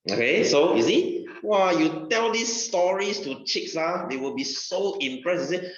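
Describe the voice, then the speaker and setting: A man's voice: high-pitched, expressive, measured pace, hardly any pauses, echoey room, lo-fi sound. A man with a Malaysian English accent teaching a science class, joking and asking students questions. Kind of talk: classroom lesson.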